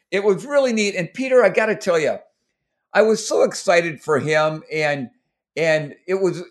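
A middle-aged man from Minnesota, telling race stories in an interview, rambling with many restarts and getting emotional. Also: high voice. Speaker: guest, former marathon runner. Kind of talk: storytelling interview.

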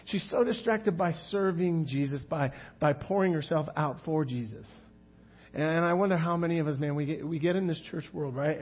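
Male preacher, high husky voice, conversational sermon full of audience appeals, dull lo-fi sound. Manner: conversational, rhetorical, appeals to the congregation. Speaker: pastor.

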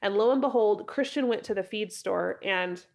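Hoarse, raspy woman hosting a podcast. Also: medium pitch, normal speed, darkish tone. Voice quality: raspy, froggy. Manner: chatty, rambling, self-correcting with laughs. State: hoarse from a head cold. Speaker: podcast host. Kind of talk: casual solo podcast.

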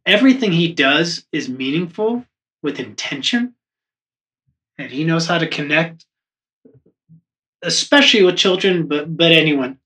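A man giving earnest, measured praise in a casual interview. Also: on the high side, animated, pushed and bright.

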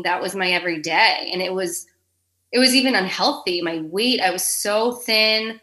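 A woman's voice: mid-range voice, moderate pace, pushed and bright. A woman in her thirties, a podcast guest, talking frankly and emotionally in an interview, swearing freely and saying "like" a lot. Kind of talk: candid interview conversation.

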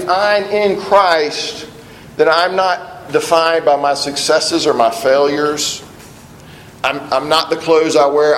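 A middle-aged pastor preaches an earnest sermon in a slightly high voice, often doubling back on his words. He sounds roomy and reverberant, as if in a large sanctuary, with a faint rumble underneath.

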